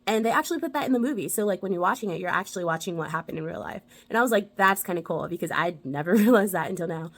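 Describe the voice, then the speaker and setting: A woman's voice: lowish voice, lively intonation, rapid-fire, hardly any pauses. A young woman hosting a casual movie review vlog, bubbly and enthusiastic, giggling as she talks.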